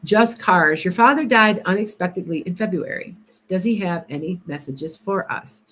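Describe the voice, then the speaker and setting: A woman's voice: on the low side, animated, normal speed, fairly bright tone. A woman hosting a casual psychic livestream, chatting with viewers by name and often restarting her sentences.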